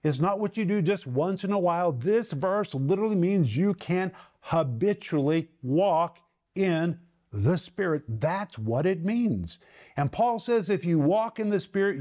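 A man gives a televised Bible teaching in a warm, mellow voice that sits slightly high. He is emphatic, slowing right down and leaning on key words to drive each point home. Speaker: Bible teacher and program host.

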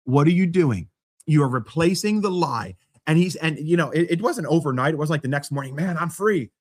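A man's voice: on the high side, expressive, a little fast. A man preaching a sermon as pastor, in a conversational style with self-deprecating humor.

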